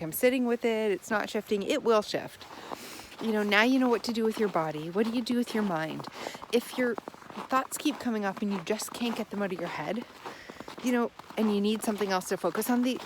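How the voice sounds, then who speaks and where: A woman's voice: medium pitch, background noise. Earnest woman coaching self-help healing. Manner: earnest, encouraging, repeats phrases for emphasis. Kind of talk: talking-to-camera self-help advice.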